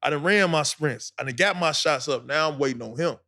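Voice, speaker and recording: A man, co-hosting a podcast and telling an animated story full of acted-out quotes. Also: on the high side, brisk. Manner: animated storyteller, acts out quotes, laughs a lot. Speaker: podcast co-host. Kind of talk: casual storytelling.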